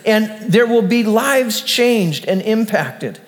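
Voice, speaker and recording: A man's voice: high-pitched, expressive, slow. A man preaching a sermon as pastor, emphatic and repetitive, often restarting his phrases. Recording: long hall reverb.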